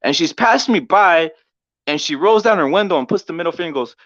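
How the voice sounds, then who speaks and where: A male boxing show host with a voice pitched a little above most men's. He talks in a loose, profane, rambling way and keeps checking in with "right?" The recording is dull and lo-fi, with a dry, close sound. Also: animated, brisk, fairly bright tone, no room sound. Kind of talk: casual storytelling.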